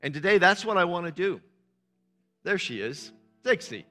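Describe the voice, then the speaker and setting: Male pastor, bright voice, casual preaching, echoing church hall with music under it. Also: high voice, sing-song, normal speed. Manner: informal, encouraging, short questions to the congregation. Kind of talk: sermon.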